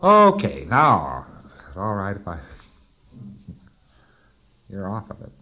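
A man's voice: on the low side, huge pitch swings, slow pace. A man giving a recorded lecture, explaining procedures step by step and acting out little dialogues, on a dull lo-fi tape recording.

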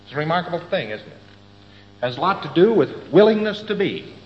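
A man lectures with emphatic force in a fairly high voice, telling stories and acting out little voices as he goes. The recording is dull and lo-fi. It rings with a long hall echo. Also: sing-song, fairly quick. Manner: emphatic, storytelling with put-on voices. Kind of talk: philosophical lecture. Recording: echoey hall, dull lo-fi archive.

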